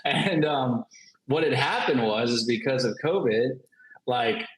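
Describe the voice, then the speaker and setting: A man telling a story on a panel in a casual, animated way, laughing often and filling his talk with "like". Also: mid-range voice, measured pace. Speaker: comic creator, panel guest. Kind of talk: casual anecdote on a virtual panel. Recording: roomy echo.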